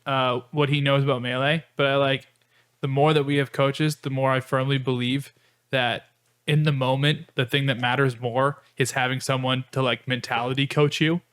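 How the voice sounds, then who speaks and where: A man's voice: medium pitch, flat delivery, normal speed, a bit bright, clean tone. A man co-hosting a casual podcast chat, blunt and swearing freely. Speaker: podcast co-host.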